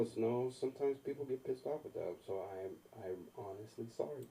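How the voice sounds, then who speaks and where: A man's voice: mid-range voice, animated, a little fast, creaky, hardly any pauses, lo-fi sound. A man doing an open mic stand-up set in a small comedy club, telling self-deprecating stories and acting out voices. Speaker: stand-up comic. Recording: distant mic, faint room noise.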